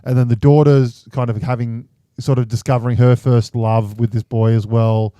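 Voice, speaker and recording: Rambling man, mellow dry voice. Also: mid-range voice, level tone, normal speed, dry recording. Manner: rambling retelling, full of fillers. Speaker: podcast host. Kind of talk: casual chat.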